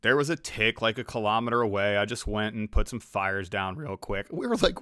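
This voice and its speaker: A man co-hosting a podcast, telling stories in a casual, animated way and often slipping into other people's voices. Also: on the low side, a little fast, few pauses, smooth, dry recording, clean studio sound. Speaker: podcast co-host. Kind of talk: casual storytelling chat.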